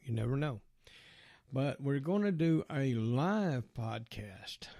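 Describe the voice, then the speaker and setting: A man's voice: medium pitch, creaky, mellow, no echo, clean studio sound. A man hosting a podcast, talking in a rambling, folksy way with lots of fillers and asides. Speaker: podcast host. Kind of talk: casual monologue.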